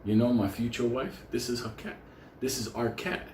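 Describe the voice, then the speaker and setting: A man playing his lovestruck friend, a sly, smooth-talking schemer. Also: mid-range voice, normal speed, a little mellow, echoey room, slight background noise, natural voice. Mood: scheming.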